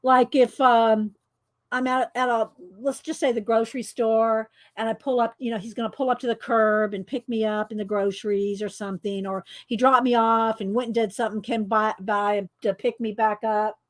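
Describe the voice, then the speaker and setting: A woman's voice: on the high side, steady tone, normal speed. Chatty, laughing woman storyteller. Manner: chatty storyteller who laughs often and talks loud. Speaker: coloring video host. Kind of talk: casual chat while coloring.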